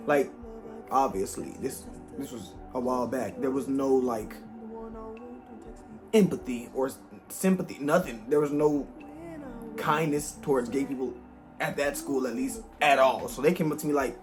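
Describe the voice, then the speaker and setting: A man's voice: mid-range voice, normal speed, pauses often, over music. Slangy young man telling a storytime tale. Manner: animated, casual slangy storytelling. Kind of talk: storytime vlog.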